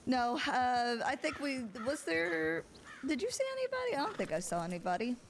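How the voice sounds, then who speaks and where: Casting: high, expressive woman, game roleplay chatter, noise behind. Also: normal speed. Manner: animated, laughing storyteller with a Southern drawl. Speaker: roleplay streamer playing a deputy. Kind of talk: casual in-character storytelling.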